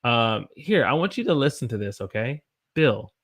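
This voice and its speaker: A man's voice: mid-range voice, big pitch swings, a bit bright. A man with a Southern US accent teaching English pronunciation, repeating example words again and again and answering viewer comments. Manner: slow, repeats demonstration words over and over. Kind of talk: pronunciation lesson with viewer chat.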